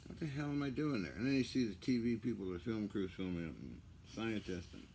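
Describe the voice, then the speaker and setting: Brief: low-voiced male vlogger, loose rambling talk, faint hiss in the background. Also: animated, fairly quick. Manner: joking, rambling, often laughs. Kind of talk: casual rambling monologue.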